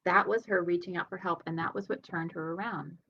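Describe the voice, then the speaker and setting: Low gravelly woman giving a motivational talk. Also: fairly even intonation, fairly quick, fairly bright tone, lo-fi sound. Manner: earnest, conversational, laughs lightly. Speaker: healer and leadership coach.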